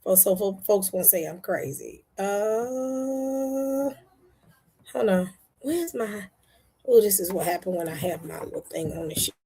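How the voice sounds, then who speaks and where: Blunt, husky woman host. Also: medium pitch, animated, measured pace, mellow. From United States. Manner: blunt, impassioned, repeats for emphasis. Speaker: online show host. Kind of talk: casual commentary to viewers.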